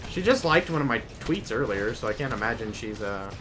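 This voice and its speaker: A man's voice: medium pitch, animated, brisk, background noise. A man streaming a video game, chatting casually and rambling off-topic, often trailing off mid-sentence. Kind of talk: casual gameplay commentary.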